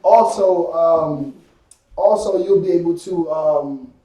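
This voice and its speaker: A man's voice: fairly high pitch, slow, mellow. A man teaching a live-streamed class, casual and repetitive, with many fillers. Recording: echoey room from far off.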